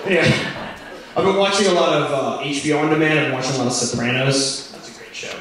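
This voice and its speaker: A man doing a stand-up comedy set in a rambling style full of "like" fillers, with sudden loud outbursts. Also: fairly high pitch, fast talker, crowd noise. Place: comedy club stage. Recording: echoey club recorded from far off with audience. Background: audience laughter.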